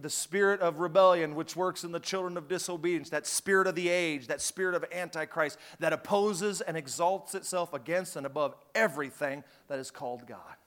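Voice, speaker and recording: A man preaching a sermon, telling a story and rising to loud, fervent bursts. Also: on the high side.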